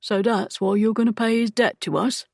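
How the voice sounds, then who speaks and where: A woman reading an audiobook voices a rough-spoken male thug who sneers and threatens as he bosses the others around. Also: mid-range voice, steady tone, normal speed, darkish tone, no echo, clean studio sound. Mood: menacing.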